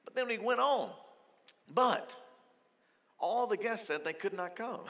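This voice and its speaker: A male pastor giving a lively, conversational sermon in a church auditorium, acting out quotes as he goes. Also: sits high, slow pace. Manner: lively, conversational preaching with frequent acted quotes. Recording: long hall reverb.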